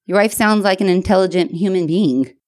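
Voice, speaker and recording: A woman's voice: lowish voice, a little fast, no echo, studio quality. A woman in her thirties co-hosting a podcast, telling a bar story in casual chat, with plenty of "like" and some swearing. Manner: animated storytelling, lots of "like" and swearing. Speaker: podcast co-host.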